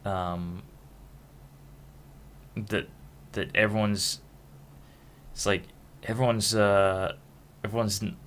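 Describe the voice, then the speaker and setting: His voice is lowish and a bit bright, with fairly even intonation. A young Hull vlogger from England, he delivers a frank, rambling monologue to camera, frequently breaking off and starting his sentences over.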